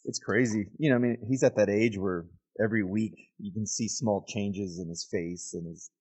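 A man's voice: on the low side, moderate pace, darkish tone, breathy edge. A man co-hosting a podcast, laid-back and slangy, chatting casually and calling people dude and bro. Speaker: podcast co-host. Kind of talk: casual chat.

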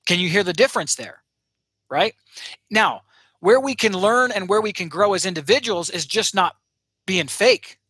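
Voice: mid-range voice, expressive, normal speed, bright, forceful tone, slightly rough, no room sound. A communication coach giving a motivational teaching talk, asking the audience rhetorical questions and acting out short example phrases.

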